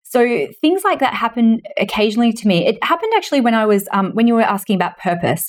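A woman's voice: sing-song, fast. A woman in her forties, a guest on a podcast, telling anecdotes casually and acting out the voices she quotes. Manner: storytelling, acting out quoted voices with big pitch jumps. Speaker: guest, money mentor and author.

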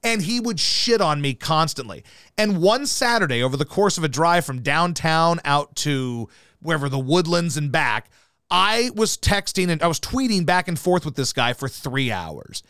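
A man's voice: a little high, moderate pace, smooth, no echo, clean studio sound. A male radio host telling profane stories in casual podcast chat. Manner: profane, animated storyteller.

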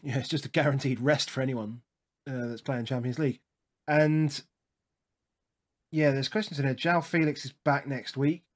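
A man's voice: mid-range voice, steady tone, normal speed, long pauses. A man co-hosting a casual football podcast, often hesitating and trailing off mid-sentence. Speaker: podcast co-host.

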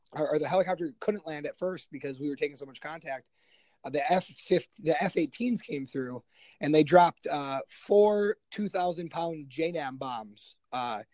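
A man's voice: a little high, a little mellow, dry recording. A man, a military veteran, tells his story in a casual, self-deprecating way with lots of fillers. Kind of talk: conversational storytelling.

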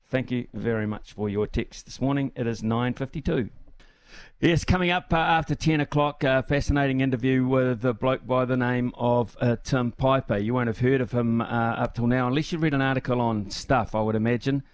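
Chatty New sports radio host. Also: male voice, medium pitch, moderate pace, clean tone, no echo. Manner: rambling, lots of uh fillers. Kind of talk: casual sports radio chat.

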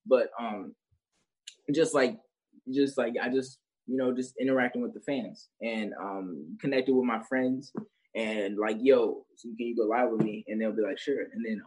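A man's voice: on the low side, darkish tone, slightly rough, low-quality recording. A young man chatting as an interview guest, rambling with restarts and frequent laughter. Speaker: guest, social media creator. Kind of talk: casual interview chat.

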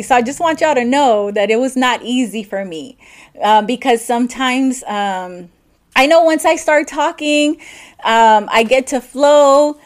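A woman talks through her own podcast in a loose, personal monologue, circling back and restarting her thoughts. Her voice sits a little higher than usual. She sounds candid and unscripted. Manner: candid, rambling with frequent restarts. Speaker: podcast host.

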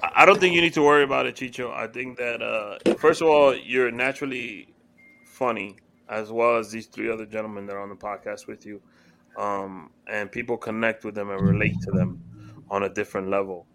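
A man hosting a casual podcast chat, relaxed and swearing freely as he talks with guests. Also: on the low side, a little fast, vocal fry, background noise. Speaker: podcast host.

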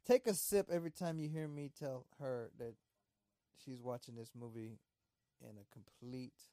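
Rambling, profane man, mellow voice. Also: mid-range voice, unhurried, no room sound. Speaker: movie watch-along podcast host. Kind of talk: casual chat over a movie.

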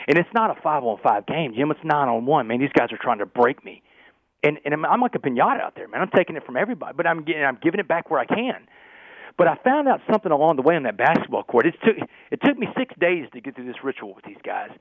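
A man telling a gripping personal story as a podcast guest, animated and peppering his talk with "man". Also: medium pitch, no echo. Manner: fast, animated storyteller, keeps saying "man". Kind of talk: storytelling interview. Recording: tinny phone-like line.

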